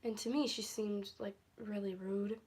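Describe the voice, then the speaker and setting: A woman's voice: medium pitch, fairly even intonation, a little slow, a little mellow, slightly rough. A young woman telling a story in a casual vlog on her phone at home, rambling, easily sidetracked and laughing often. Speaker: vlogger. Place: at home, indoors.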